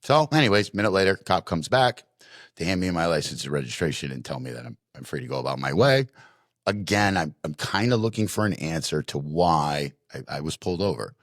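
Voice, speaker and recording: A man's voice: deep voice, a little fast, no room sound, studio quality. A man co-hosting a podcast, telling a funny family story with lots of restarts and acted-out voices. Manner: animated storyteller, acts out voices, many restarts. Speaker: podcast co-host. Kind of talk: casual storytelling.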